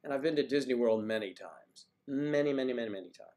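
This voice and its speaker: A man's voice: medium pitch, fast talker, warm tone. An older man from the US East Coast hosting a casual livestream, chatting loosely and greeting viewers by name as he reads their comments. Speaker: livestream host.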